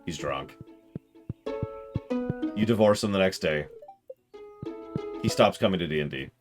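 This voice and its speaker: A man's voice: low-pitched, unhurried, over music. A man streaming a game, chatting casually and joking with his viewers. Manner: chatty, jokey, animated.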